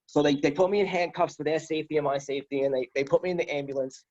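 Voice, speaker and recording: A man's voice: on the high side, fairly even intonation, very fast, darkish tone. A man, a guest on a show, telling a personal story in casual talk, rambling, restarting and quoting others. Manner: rambling, repeats words and restarts; quotes others with "he's like". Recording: dull lo-fi sound.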